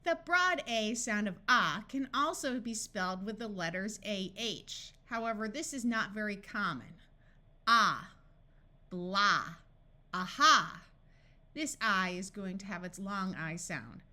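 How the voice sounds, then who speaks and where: A woman teaching a phonics lesson, reading words slowly and clearly one by one. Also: medium pitch, animated, sharp tone. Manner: slow, clearly enunciated word-by-word reading. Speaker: phonics tutor. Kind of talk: scripted phonics lesson narration.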